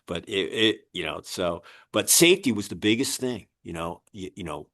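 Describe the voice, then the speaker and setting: The voice sits low and is a bit bright, with lively intonation at a normal pace. It belongs to a man in his sixties, a magazine publisher hosting a business podcast, who loosely tells filler-laden anecdotes in a casual storytelling interview.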